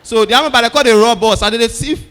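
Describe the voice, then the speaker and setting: A male stand-up comedian with a Nigerian Pidgin accent tells stories loudly and acts out the people in them. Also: extremely high pitch, rapid-fire, long reverb tail. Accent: Nigerian Pidgin English. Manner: loud animated storytelling, acting out characters.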